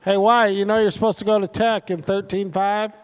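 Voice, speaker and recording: A man's voice: sits high, little pitch movement, a little fast, smooth, big-room sound. A man announcing a radio-control car race live, calling positions and chatting casually with the drivers by name.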